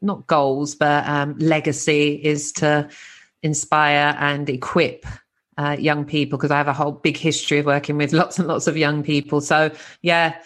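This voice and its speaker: A woman's voice: low-pitched, flat delivery, normal speed, a bit bright. A British woman hosting a podcast interview, bubbly and enthusiastic, laughing easily. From Britain. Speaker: podcast host.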